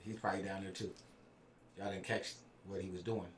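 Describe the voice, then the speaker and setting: A man's voice: low-pitched, little pitch movement, a little fast, roomy sound, far from the mic. A man hosting a casual podcast live stream, joking and talking in loose slang. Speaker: podcast host. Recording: faint background noise.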